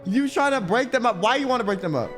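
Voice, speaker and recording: A woman's voice: on the high side, animated, fast, over loud music. A woman hosting a joking mock therapy segment, brash and mock-outraged, swearing freely. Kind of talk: casual joking chat.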